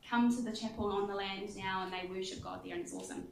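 A woman telling a humorous testimony in a sermon, in an animated storytelling way and laughing often. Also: mid-range voice, fast talker, gravelly, echoey room, background noise. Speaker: guest speaker.

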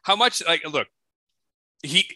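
A man co-hosting a casual podcast chat, rambling through stories with many restarts and animated quotes. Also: on the high side, no room sound, low-quality recording. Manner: rambling storyteller, restarts, quick animated quoting. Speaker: podcast co-host.

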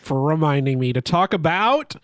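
A man's voice: fairly high pitch, animated, moderate pace, no echo, studio quality. A man co-hosting a casual podcast, chatting over a beer in a rambling way, often restarting his sentences. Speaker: podcast co-host.

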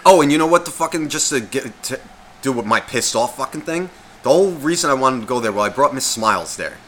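A man's voice: medium pitch, expressive, fast talker, a little hiss or hum. A man co-hosting a casual podcast, swearing freely and rambling through his stories. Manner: profane, loose and rambling. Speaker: podcast co-host.

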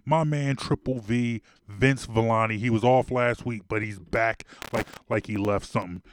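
Fired-up low-voiced sports host. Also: male voice, normal speed, slight background noise. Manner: emphatic, worked-up, repeats himself for stress. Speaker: podcast host. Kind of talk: casual sports podcast talk.

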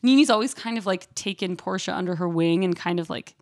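A woman co-hosting a podcast in casual chat, animated and acting out quotes in a high voice. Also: a little fast, no echo, clean studio sound. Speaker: podcast co-host.

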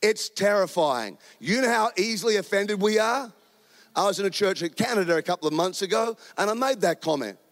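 A middle-aged Australian man preaching a sermon as a guest speaker, an animated storyteller who jokes and throws in quick asides. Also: high-pitched.

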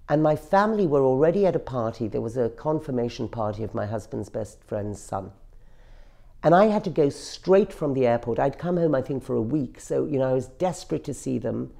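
A low-pitched woman with a gravelly, mellow voice, speaking as an interview guest. She is middle-aged and talks earnestly, leaning hard on key words. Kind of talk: emotional personal interview.

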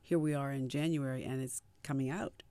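A middle-aged woman from Maryland, a singer chatting as a guest in a casual interview, warm and playful with easy laughs. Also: extremely low pitch, steady tone, fairly quick, smooth, no room sound. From Maryland, USA.

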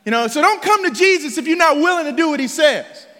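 A man preaches with a very high, bright voice that keeps swinging up and down in pitch. He talks casually, tossing out "right?" and slang while quizzing the congregation with rhetorical questions. His words trail off into the long reverb of a church hall. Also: animated, quick pace. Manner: slangy, drops in "bruh" and "right?". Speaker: pastor. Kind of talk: conversational sermon.

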